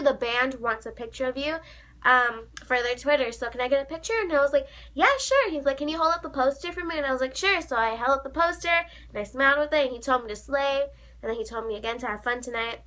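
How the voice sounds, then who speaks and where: Young woman vlogging, high bright voice, gushy fangirl storytelling. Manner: excited, gushing fan retelling with quoted dialogue. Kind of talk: casual storytelling.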